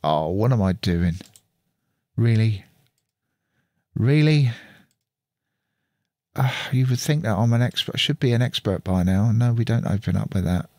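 The channel host, a man with a darkish voice on the low side, talks fairly quickly with few pauses as he walks through a computer setup on screen, musing aloud while working. The recording is dry, made on a studio mic through an audio interface.

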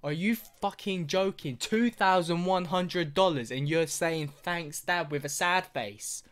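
A man's voice: high voice, measured pace. A young man hosting a reaction video, ranting with plenty of swearing and exaggeration. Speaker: YouTuber.

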